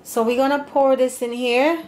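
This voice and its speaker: A woman's voice: high-pitched, steady tone, moderate pace, very noisy. A woman hosting a home cooking demonstration, chatty and meandering, often restarting her sentences. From Serbian background. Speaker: home cooking channel host. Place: home kitchen.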